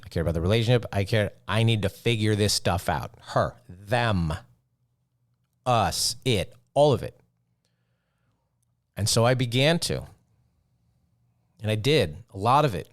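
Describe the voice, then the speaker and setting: A man, hosting a solo podcast and telling a story with self-mocking, animated asides. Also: on the low side. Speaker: podcast host.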